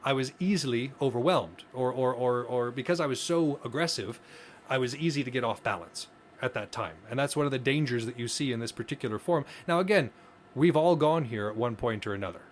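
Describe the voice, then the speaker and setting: A man's voice: medium pitch, brisk, a little hiss or hum. A man co-hosting a podcast, explaining ideas earnestly in casual conversation, often restarting his phrases. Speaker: podcast co-host.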